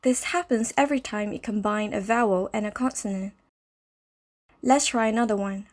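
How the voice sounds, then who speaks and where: A woman narrating a scripted language lesson, explaining step by step in a slow, clear way. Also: mid-range voice. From Malaysia. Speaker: language teacher.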